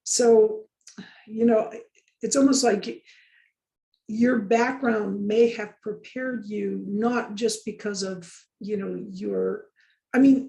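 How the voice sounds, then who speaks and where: Gravelly, mellow woman in an echoey room. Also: medium pitch. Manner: chatty, rambling, many fillers. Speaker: course instructor. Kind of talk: casual discussion on a video call. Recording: roomy echo.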